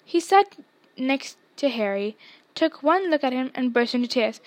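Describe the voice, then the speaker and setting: A woman reading a novel aloud with steady storybook narration. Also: high voice, normal speed. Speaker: podcast reader.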